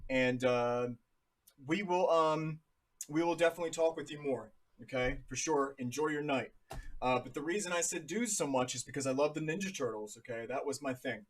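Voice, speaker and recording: A man's voice: a little high, moderate pace. A man in his thirties from New Jersey, casually talking through charts on a live stream in a chatty, jokey way. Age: 30s. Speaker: crypto livestream host.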